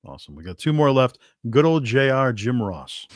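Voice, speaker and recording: A man's voice: mid-range voice, very animated, normal speed, no room sound. A man hosts a podcast and reacts to his guest's stories while laughing along. His voice moves up and down with a lot of life. The sound is dry and close. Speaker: podcast host. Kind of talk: casual interview chat.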